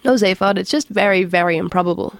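A woman voicing a calm, clever young female pilot with a bright, patient lilt. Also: medium pitch, fast, vocal fry, natural voice.

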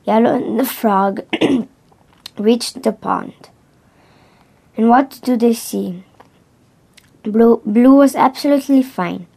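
A woman reading a children's storybook aloud, slowly and carefully, stumbling over and restarting some words. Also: fairly high pitch, gravelly, warm tone, breathy edge. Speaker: reader.

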